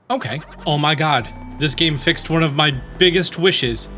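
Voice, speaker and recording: Man, bright tone, slightly high voice, chatty walkthrough commentary, game music underneath. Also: moderate pace. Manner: upbeat, chatty, reads game text aloud. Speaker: gaming YouTuber. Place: at home.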